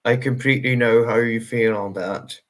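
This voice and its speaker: A man's voice: medium pitch, steady tone, moderate pace. A man hosting a livestream, answering viewer comments in a casual, rambling way. He sounds tired and talks earnestly, with many fillers, as he reassures his viewers. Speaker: livestream host.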